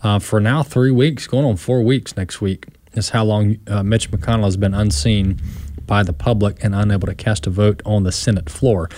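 A man's voice: lowish voice, steady tone, moderate pace, a little mellow, slight background noise. A man hosting a talk radio show, speaking in a conversational way with some fillers. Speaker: radio host.

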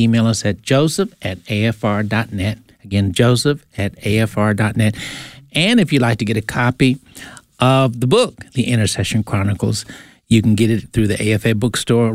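A man's voice: on the low side, dry recording. A man reading a faith story aloud on a radio program, earnest and emphatic, lifting his voice for the quoted lines.

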